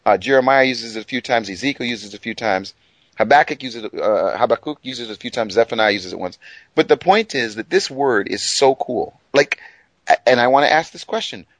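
A man's voice: medium pitch, animated, a little fast, a bit bright, no echo, low-quality recording. A man co-presenting a radio Bible discussion, talking enthusiastically and laughing often.

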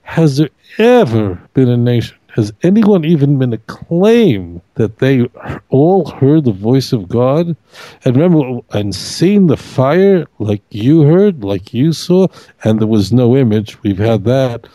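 A man's voice: mid-range voice, big pitch swings, a little slow, mellow, dry recording, rough recording. A man, a rabbi and co-host, teaching scripture with emphatic, argumentative energy, often quoting others. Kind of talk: animated Torah study discussion. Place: radio studio.

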